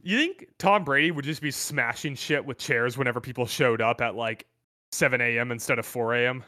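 A man's voice: medium pitch, fairly quick, no room sound, clean studio sound. A man co-hosting a sports podcast, chatting casually and teasing with jokes. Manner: animated, joking, teasing. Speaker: podcast co-host.

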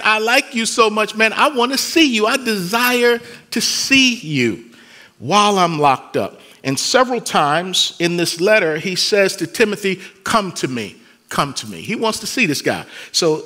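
A man preaching a sermon as pastor, moving between conversational asides and loud rising bursts. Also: fairly high pitch.

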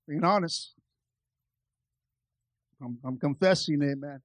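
A man preaching with a fairly high voice, recorded dry and close. He tells a personal story to his church, dropping to quiet asides and then rising to loud, lively peaks. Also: slow pace, no room sound. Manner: animated, swings from soft asides to loud climaxes. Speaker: pastor. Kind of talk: storytelling sermon.

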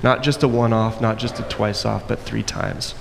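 A man preaching a sermon, acting out the quoted voices and moving between loud and soft passages. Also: lowish voice, fairly even intonation, normal speed, vocal fry. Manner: acts out quoted voices, varies loudness widely. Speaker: pastor. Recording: long echo in a hall, faint noise.

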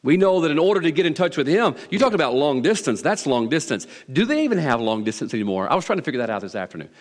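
A Southern man preaching with a swooping, animated delivery. He teases the congregation and leans hard on repeated lines. His voice rings out with a long reverb, as from a large hall. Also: on the high side, rapid-fire. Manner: folksy, teasing, emphatic preaching with repeated lines. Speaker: pastor. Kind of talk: sermon.

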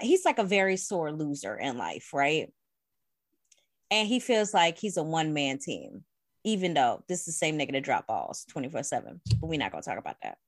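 A woman in casual podcast chat, telling an animated, profane story with plenty of laughs. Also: sits low, dry recording, studio quality. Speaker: podcast co-host.

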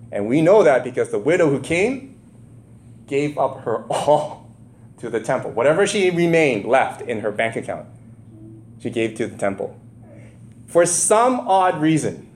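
Animated man preaching a sermon. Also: fairly high pitch. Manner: conversational preaching with rhetorical questions to the congregation; emphatic, rising to impassioned bursts. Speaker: pastor.

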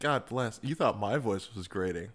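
A man's voice: fairly low pitch, lively intonation, moderate pace, a bit bright. A man co-hosting a podcast in casual chat, cracking dry, sarcastic jokes. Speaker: podcast co-host.

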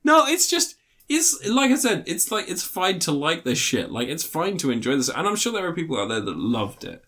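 A man co-hosting a casual podcast about films, talking in a sweary, animated way and often laughing. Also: a little high, a little fast, husky. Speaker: podcast co-host. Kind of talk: casual film review chat.

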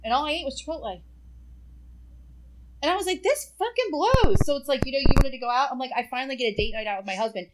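A woman in casual chat, telling an animated personal story and swearing freely. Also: sits high, rapid-fire, pauses often, slight background noise, poor audio.

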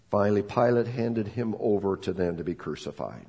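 Pastor guy giving a sunday sermon, kinda husky, storyteller vibe, does the voices. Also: lowish voice, lively intonation, brisk, warm tone. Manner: dramatic storytelling, acting out quoted voices.

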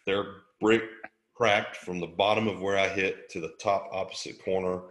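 Guest, middle-aged man, low and forceful voice, casual jokey storyteller. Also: moderate pace, reverberant. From Alabama. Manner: animated, jokey storyteller who laughs often. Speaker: interview guest.

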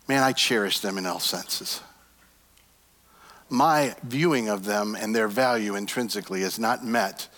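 A middle-aged male pastor giving a sermon and praying over his congregation, earnest, rising to emphatic points and then dropping to hushed, soft phrases. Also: medium pitch, long reverb tail. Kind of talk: sermon with prayer.

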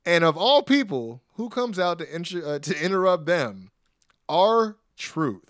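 A man hosting a podcast, recapping wrestling in casual, animated chat, laughing often and acting out quotes. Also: high voice, unhurried, no room sound, studio quality.

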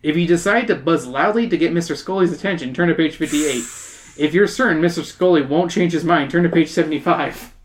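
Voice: mid-range voice, a little hiss or hum. A podcast host reading a storybook aloud and trading jokes with friends between passages. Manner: joking, quick asides. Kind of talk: casual read-aloud with banter.

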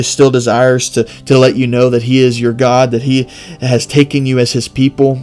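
Devotional host, male, mid-pitched, earnest and emphatic, faint music underneath. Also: darkish tone. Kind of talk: Bible reading and devotional reflection.

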